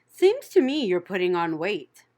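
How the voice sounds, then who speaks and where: Blunt gossipy old ewe played by a woman, snappish, lively storybook voice. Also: on the low side, measured pace. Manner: matter-of-fact, snappish.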